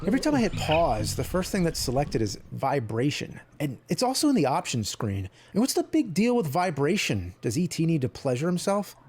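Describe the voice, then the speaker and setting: A man reviewing an old video game, bursting into cursing fits of exasperation. His voice sits a bit high for a man, with a faint hiss of noise underneath. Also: wildly swooping pitch, brisk, few pauses, darkish tone. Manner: foul-mouthed, exasperated outbursts. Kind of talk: comedic game review commentary.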